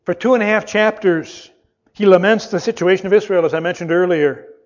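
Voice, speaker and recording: A man preaching a sermon, reading scripture aloud with rising fervor and slowing down to stress key words. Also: high-pitched. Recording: dull lo-fi sound.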